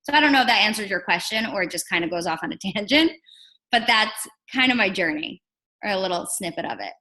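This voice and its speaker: A young woman from New Jersey tells her story on a team call, animated and chatty. Her voice is bright and forward. She sits at a middle pitch for a woman. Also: fast talker, poor audio. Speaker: guest on a team training call. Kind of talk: casual storytelling.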